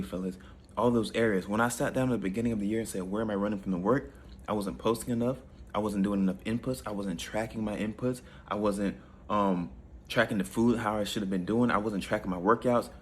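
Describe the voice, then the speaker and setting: A man's voice: lowish voice, a little hiss or hum. A man coaching his listeners through a motivational monologue, preachy and repetitive, calling them fellas. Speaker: self-improvement coach.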